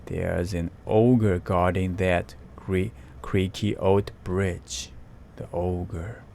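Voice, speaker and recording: A man reads as a wary billy goat from a storybook, musing and asking questions. The voice stays low and very slow. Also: flat delivery, creaky, warm tone, slight background noise, exaggerated voice.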